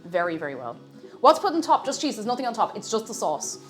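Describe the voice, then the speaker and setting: A woman's voice: mid-range voice, big pitch swings, quick pace, faint music behind. A woman streamer, chatting casually while cooking on a live stream, playful and often breaking off mid-sentence. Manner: chatty, self-interrupting, playful.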